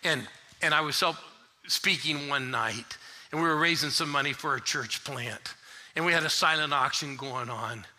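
An older man preaching a sermon, telling stories with animated swells into shouted refrains. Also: on the high side, normal speed. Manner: animated preacher, rising to shouts when retelling another preacher. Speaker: pastor. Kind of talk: sermon storytelling.

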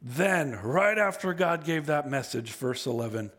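A man preaching a sermon, reading scripture aloud and acting out the speakers, moving from low, quiet reading to loud, high emphasis. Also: expressive, measured pace, few pauses. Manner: acts out voices in scripture and paraphrase.

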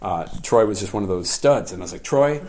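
A man preaching a sermon in a lively storytelling way, often laughing as he tells personal stories. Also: low voice, fast. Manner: animated, laughs often while telling stories. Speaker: pastor.

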